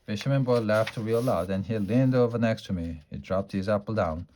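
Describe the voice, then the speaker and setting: A man reading a children's chapter book aloud in a lively storytelling way, now and then stumbling over a word. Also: fairly low pitch, moderate pace, a little hiss or hum. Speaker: storybook reader.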